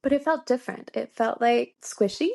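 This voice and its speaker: A woman's voice: fairly high pitch, normal speed, creaky, darkish tone. A woman in her thirties telling a personal story in a podcast interview, earnest, with many "like" fillers and frequent laughs. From Canada. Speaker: guest.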